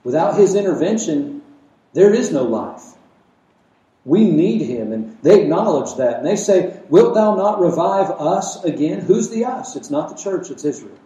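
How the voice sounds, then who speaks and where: A man preaching a sermon, emphatic, with rhetorical questions and swings between loud and quiet. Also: a little high, sing-song, moderate pace. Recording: echoey room, mic at a distance.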